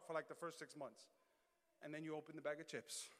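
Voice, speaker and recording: A man preaching a sermon as pastor, animated, dropping low and quiet then building to loud shouts. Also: fast. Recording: long hall reverb.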